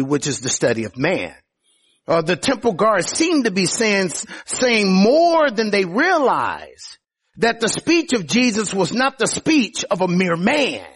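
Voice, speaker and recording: Male preacher, husky voice, sermon, lively swings in pitch, slightly high-pitched. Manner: lively preaching, rising to emphatic highs, many "oh" openers.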